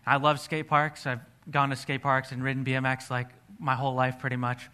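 Bright-voiced earnest male preacher. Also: medium pitch, monotone, fairly quick, clean tone. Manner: earnest storytelling, acts out his own past dialogue. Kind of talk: sermon with personal testimony.

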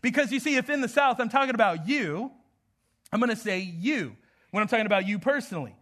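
A man's voice: sits high, animated, fast, a bit bright. A man from the American Southwest preaching a sermon as pastor, conversational and joking, often breaking into laughter.

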